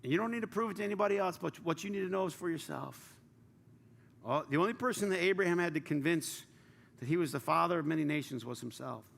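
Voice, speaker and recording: A man preaching a sermon as pastor, passionate, swinging from loud urging to hushed near-whispers. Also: on the high side, expressive, quick pace, creaky. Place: large church hall. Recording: reverberant church hall with faint ambience.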